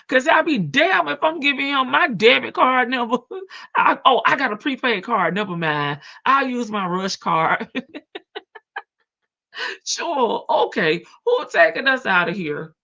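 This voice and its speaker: A woman's voice: fairly high pitch, big pitch swings, measured pace, gravelly, bright, forceful tone, lo-fi sound. A woman with a country Southern drawl hosting a casual livestream, chatting, laughing and reading viewer comments. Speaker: livestream reaction host.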